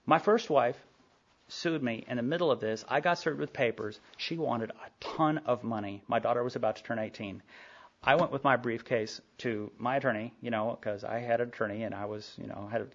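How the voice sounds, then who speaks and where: A man shares his story at a recovery meeting in a quick, animated telling full of asides. His voice has a gravelly fry to it. The tape recording sounds dull and lo-fi. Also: mid-range voice. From Sherman, Texas. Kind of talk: personal storytelling talk. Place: meeting hall.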